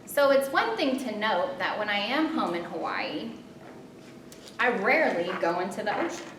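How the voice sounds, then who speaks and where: A woman telling a personal story in an animated, self-mocking way, with dramatic pauses. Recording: roomy distant mic with rumble.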